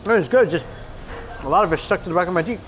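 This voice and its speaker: A man's voice: high-pitched, lively intonation, very fast. A man hosting a casual food vlog, chatty and enthusiastic as he tastes dishes and recommends them. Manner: enthusiastic, chatty, savoring food between lines. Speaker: food vlogger host. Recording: music bed under the voice.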